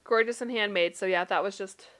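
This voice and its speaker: A young woman from Utah, a podcast co-host chatting casually, animated and laughing often as she tells stories. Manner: animated storyteller, laughs often, quick bursts of rising pitch. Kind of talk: casual chat.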